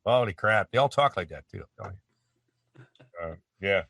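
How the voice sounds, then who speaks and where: A man's voice: sits low, expressive, measured pace, gravelly, fairly bright tone, no echo. A Canadian voice actor chatting as an interview guest from his home studio, rambling and self-deprecating, with plenty of restarts. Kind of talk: casual interview chat. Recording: dry, slightly distant mic.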